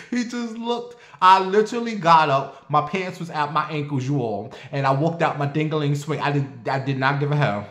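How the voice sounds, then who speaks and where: A man telling a story in a casual monologue to his viewers, animated and profane, addressing them directly. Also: on the high side, brisk, few pauses, reverberant.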